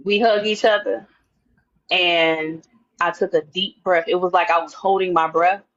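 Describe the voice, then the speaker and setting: A woman telling a lively personal story in an interview, acting out her own thoughts and the other people's words. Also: on the low side, unhurried, muffled recording. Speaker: interview guest. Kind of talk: animated storytelling.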